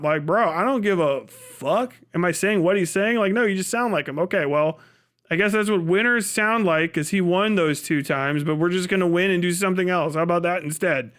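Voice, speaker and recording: A male streamer on a live broadcast, ranting casually and emphatically with plenty of swearing. His voice sits high and comes through smooth and resonant. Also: brisk. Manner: animated, profane, emphatic. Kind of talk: casual livestream rant.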